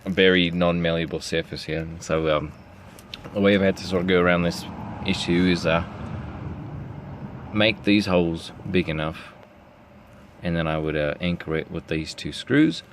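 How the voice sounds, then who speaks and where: Rambling low-voiced man in his garage. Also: moderate pace, pauses often, a little hiss or hum. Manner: rambling, chatty, self-mocking asides. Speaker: classic car restorer. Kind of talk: casual garage vlog. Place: garage workshop at night.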